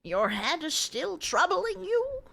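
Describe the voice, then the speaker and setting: A woman's voice: very high-pitched, sing-song, takes it slowly, vocal fry, sharp tone, voice pushed up, full character voice. Woman doing a seductive heroine with a mock Russian accent. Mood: teasing.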